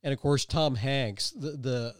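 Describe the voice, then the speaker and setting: A man's voice: medium pitch, unhurried, dry recording, clean studio sound. Rambling, laughing podcast co-host man. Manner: rambling, laughs often, self-deprecating. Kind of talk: casual chat.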